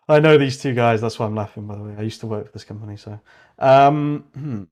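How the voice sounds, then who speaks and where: A quick-talking British man with a mid-range, somewhat dark voice chats his way through a relaxed livestream. He mutters and rambles as he works, frequently backtracking to fix what he's said.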